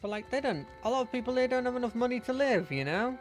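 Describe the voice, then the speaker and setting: A man playing through a video game, casually thinking out loud and reading the game's narration aloud. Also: very high-pitched, animated, quick pace, soft background music. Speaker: gamer. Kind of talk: let's play commentary and reading game text.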